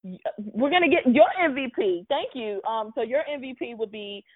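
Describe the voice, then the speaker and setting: A woman's voice: on the high side, expressive, moderate pace, no echo. A woman hosting a sports radio call-in show, hesitant and full of fillers but patient with the caller. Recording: phone-like dry audio.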